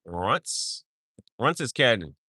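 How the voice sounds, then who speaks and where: Man, podcast host, casual joking chat, very bright tone, dry close sound. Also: on the low side, sing-song, slow, husky, dry recording. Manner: playful, laughs often, mock-pronounces foreign words.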